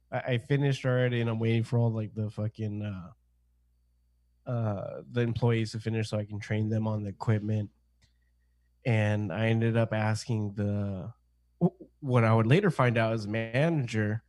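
A man's voice: fairly low pitch, fairly even intonation, unhurried, darkish tone, no echo. A man casually telling a long, profane story in a group chat, often slipping into slangy quoted voices.

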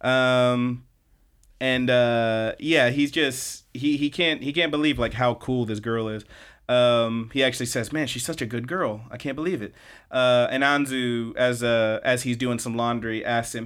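A man hosting a podcast, casually recapping anime episodes in a chatty storytelling way, quoting characters in quick bits and swearing now and then. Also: medium pitch, steady tone, fairly bright tone, smooth. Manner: loose, with frequent fillers and swearing. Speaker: podcast host.

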